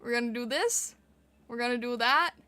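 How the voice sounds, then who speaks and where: High, bright giggly woman streamer. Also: moderate pace. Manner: giggly, chatty, reading chat aloud; squeaky when yelling or laughing. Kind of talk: casual live-stream chat.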